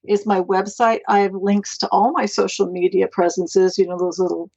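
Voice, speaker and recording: A woman's voice: mid-range voice, little pitch movement, normal speed, creaky, no echo, muffled recording. A middle-aged woman, a guest on a podcast, telling stories in a chatty, rambling way. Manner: chatty, rambling, warm storytelling with laughs. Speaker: guest, mental health advocate. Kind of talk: casual interview chat.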